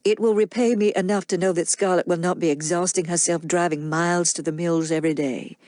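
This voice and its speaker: A woman voicing a smooth, crafty grown man who coaxes and persuades without hurrying. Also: lowish voice, steady tone, fairly quick, darkish tone, dry recording, natural voice. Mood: persuasive.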